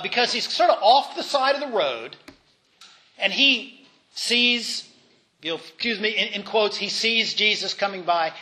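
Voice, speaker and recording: A man's voice: high voice, bright, forceful tone. A man giving an informal Bible lesson in a conversational way, with fillers, restarts and voiced asides. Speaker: Bible teacher.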